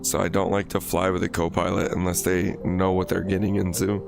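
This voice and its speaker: A man's voice: low voice, flat delivery, a little fast, gravelly, over music. An American man chatting casually and profanely with viewers on his live stream while he plays a game, rambling as he talks. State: recovering from illness.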